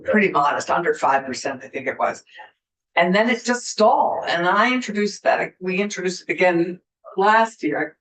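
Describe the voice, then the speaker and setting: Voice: medium pitch, expressive, normal speed, fairly bright tone. A state senator talking in committee in a rambling way, trailing off mid-thought. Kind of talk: committee discussion. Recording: distant mic with faint hiss.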